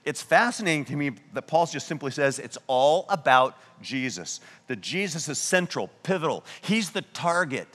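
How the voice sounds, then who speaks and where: A man preaching a sermon as pastor, telling a story and slowing down to stress key words. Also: a little high, expressive, a bit bright, in a large hall. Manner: earnest storytelling preaching, slows down for emphasis.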